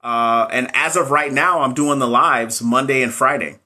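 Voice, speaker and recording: Man, bright tone, middle pitch, casual live-stream coaching, motivational, chats with viewers. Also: normal speed. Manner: motivational, talks straight to viewers, reads out comments.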